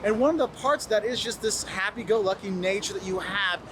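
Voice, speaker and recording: Over a noisy background, a high-pitched travel video host talks fairly quickly to camera. His advice is friendly and instructive, and now and then he mimics what locals would say.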